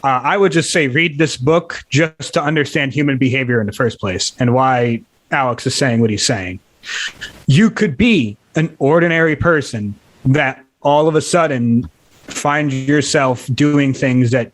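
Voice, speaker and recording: A man's voice: medium pitch, lively intonation, unhurried, dry recording. A man co-hosting a podcast, talking casually with hesitant fillers and restarts. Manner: hesitant, recommending a book. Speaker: podcast co-host.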